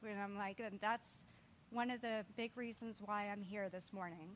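A woman in a church congregation, telling an animated, laughing story as her testimony. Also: on the high side, normal speed, a little hiss or hum. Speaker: congregation member sharing testimony. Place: church sanctuary.

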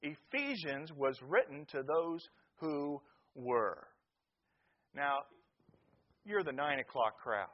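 A man's voice: a little high, lively intonation, takes it slowly, long pauses, lo-fi sound. A middle-aged male pastor from the American Midwest, giving a joking, folksy sermon to a live congregation. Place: church sanctuary.

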